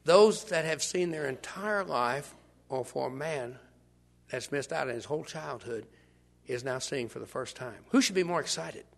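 Animated older preacher, gravelly voice. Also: male voice, mid-range voice, moderate pace. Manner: animated, swings from hushed to shouting, acts out bystanders. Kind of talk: sermon.

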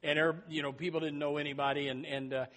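A man's voice: on the high side, level tone, fast, a bit bright. A middle-aged man preaching a sermon, telling a personal story in a rambling way with many restarts.

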